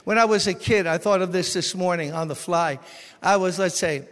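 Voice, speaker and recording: A man from Brooklyn, preaching a sermon as pastor, swinging between loud exhortation and quiet storytelling. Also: high-pitched, moderate pace. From Brooklyn, New York. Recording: long reverb of a large hall.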